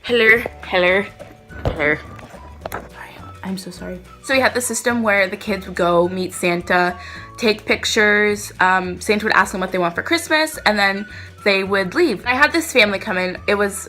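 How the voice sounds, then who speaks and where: Young woman vlogger, bright voice, animated storytime delivery. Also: mid-range voice. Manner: animated, dramatic retelling. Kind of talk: storytime vlog.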